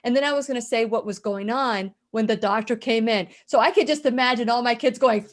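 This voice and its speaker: The same radio host, a middle-aged woman, recounts something personal in an impassioned, emphatic way, circling back over her words. This time her slightly high voice moves fairly quickly.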